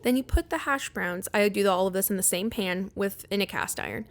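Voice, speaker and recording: A woman's voice: medium pitch, brisk. Young woman host, solo podcast, rambling chatty delivery, mid-range voice. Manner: chatty, rambling, heavy use of "like"; acts out quoted people in livelier voices. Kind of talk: casual solo podcast chat.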